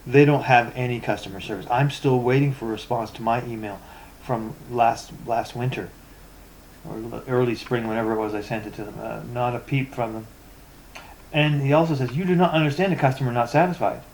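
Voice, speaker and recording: A man's voice: mid-range voice, steady tone, moderate pace, a little mellow, slight background noise. Exasperated, stammering man ranting. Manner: rambling, stammering repetitions; sarcastic and exasperated. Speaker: tech vlogger. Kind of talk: ranting commentary reading forum posts.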